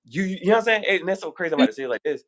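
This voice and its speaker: Animated man telling stories casually. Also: high voice, very fast, crowd noise. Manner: animated storytelling, acting out quoted voices. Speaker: guest on fashion talk show. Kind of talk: casual conversation.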